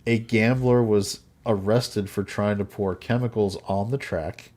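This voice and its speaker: Low-voiced man telling a story, joking. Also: steady tone, a little slow, darkish tone. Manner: laughs often, jokey asides. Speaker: podcast host. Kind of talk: casual storytelling chat.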